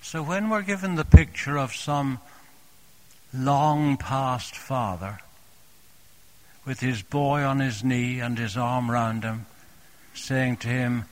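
A man preaching a sermon, speaking gently and tenderly, repeating phrases softly and addressing the congregation as dear friends. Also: medium pitch, takes it slowly, long pauses.

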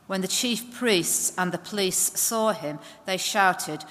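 A woman reading a scripture passage aloud slowly and carefully in a church. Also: medium pitch, bright, forceful tone. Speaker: scripture reader. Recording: long church reverb.

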